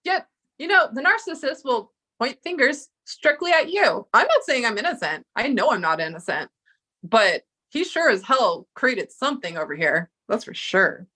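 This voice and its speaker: A woman's voice: on the high side, sing-song, moderate pace, pushed and bright. A woman giving a casual confessional monologue, emotional and profane, acting out the lines of the people she quotes. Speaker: storyteller recounting a breakup.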